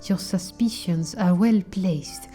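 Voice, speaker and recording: A woman voicing a sly male fox con man in a bird lawyer game, speaking low and hushed. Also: fairly quick, faint music behind, close to an everyday voice. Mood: smooth, evasive.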